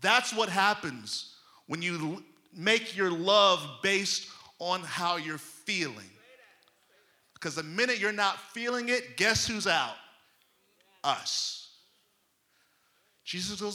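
Bright, high-pitched emphatic preacher man. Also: expressive, slow. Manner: emphatic preaching, folksy and conversational. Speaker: pastor. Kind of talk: sermon.

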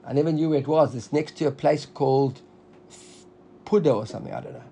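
A man's voice: a little high, brisk, a little hiss or hum. A man teaching a Talmud class, explaining step by step and checking in with "right?". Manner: animated, explaining with frequent "right?".

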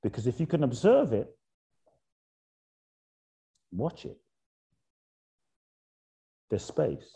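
A man talking as an interview guest in a reflective spiritual conversation. He asks repeated rhetorical questions and drops soft and slow on key points. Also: mid-range voice, wildly swooping pitch, creaky.

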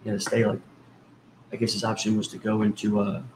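A man's voice: on the low side, completely flat delivery, fast, a little mellow, slight background noise, low-quality recording. A man co-hosting a casual podcast, trading sarcastic, profane wisecracks. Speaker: podcast co-host. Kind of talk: casual chat.

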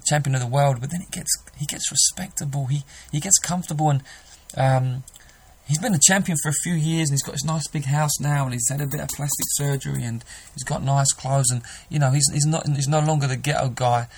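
A man's voice: medium pitch, steady tone, fairly quick, slightly rough, poor audio. A man preaching a sermon, earnest and emphatic, often restarting his sentences.

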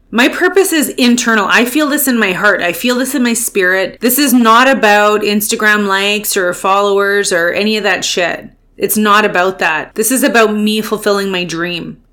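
A woman's voice: medium pitch, normal speed, fairly bright tone. A woman hosting her own podcast, giving a fired-up, profane motivational pep talk as a speaking coach.

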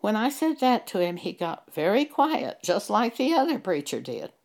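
A woman's voice: mid-range voice, very animated, moderate pace, a little mellow. A woman preaching in a monologue, citing scripture with emphasis and pressing rhetorical questions. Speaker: Bible teacher.

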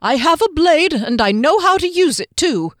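Halfling man, small, flustered, high-pitched, put on by a woman narrator. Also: very animated, moderate pace, dry recording, clean studio sound. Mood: defiant. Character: excitable fussy male halfling, small and polite.

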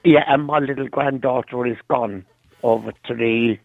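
An older Irish man phones in to a radio show. His voice is gravelly and squeaky, a bit breathy, and comes through a thin, tinny phone line. He talks in an easy, reminiscing way. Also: steady tone, normal speed, no echo. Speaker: caller. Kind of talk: phone-in chat.

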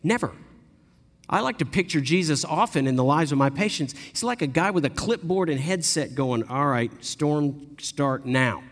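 A man preaching a sermon, telling the story with animated delivery and briefly acting out the people he quotes. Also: fairly high pitch, fairly quick. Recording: long echo of a large hall.

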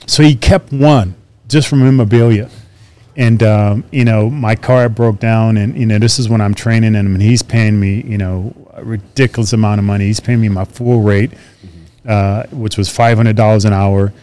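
A man's voice: lowish voice, normal speed. A man and retired officer in casual conversation, telling stories and acting out dialogue with laughs. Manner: animated storyteller who acts out dialogue with laughs. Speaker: retired officer and trainer reminiscing.

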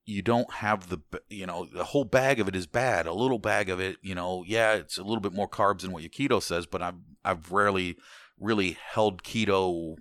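Deep-voiced rambling American man. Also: fairly quick, a bit bright, no echo. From United States. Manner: rambling, many restarts, swears casually. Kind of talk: casual chat.

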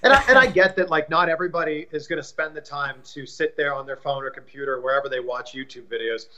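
An upbeat, friendly man from Canada chats as an interview guest. His voice sits a little high for a man. The sound is dull and lo-fi, like a remote call. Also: fast talker, bright, forceful tone. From Canada, suburb of Toronto. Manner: upbeat, self-promoting, friendly. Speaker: broadcaster and YouTube interviewer, guest. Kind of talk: casual interview chat.

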